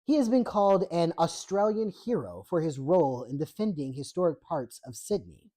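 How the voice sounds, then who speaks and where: A woman's voice: on the low side, very animated, normal speed, mellow. A woman host reading a book chapter aloud, breaking off for irreverent, profane asides.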